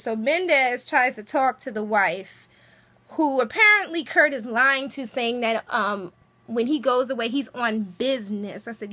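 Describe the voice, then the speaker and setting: Brief: woman, high and bright voice, chatty show recapper, animated asides. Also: a little slow. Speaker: TV episode recapper. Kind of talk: casual episode recap.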